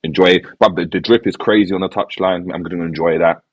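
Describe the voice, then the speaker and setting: Deep husky laid-back man. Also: steady tone, brisk, no echo, highs cut off. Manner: laid-back, resigned, heavy slang, repeats phrases. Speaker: football fan panelist. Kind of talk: casual podcast chat.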